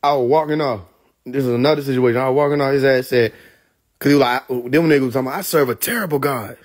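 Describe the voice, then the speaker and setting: A man from Atlanta, telling profane, animated stories on a live stream, laughing often. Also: medium pitch, fast. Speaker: livestream host. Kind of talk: casual storytelling on a live stream.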